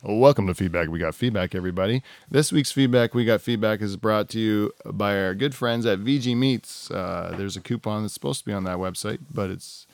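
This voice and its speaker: A man's voice: lowish voice, brisk, vocal fry, hardly any pauses, no echo. Rambling man hosting a podcast. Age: middle-aged. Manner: rambling, laughing often, swearing freely. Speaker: podcast host. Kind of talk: casual chat.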